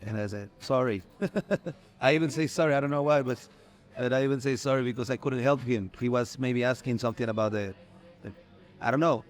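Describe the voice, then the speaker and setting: A man from Mexico, a native Spanish speaker, answering interview questions haltingly and searching for words. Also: medium pitch.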